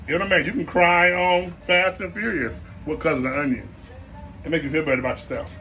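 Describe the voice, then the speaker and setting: A man's voice: a little high, a bit bright. A man hosting a comic cooking show, rambling playfully with asides while he chops vegetables.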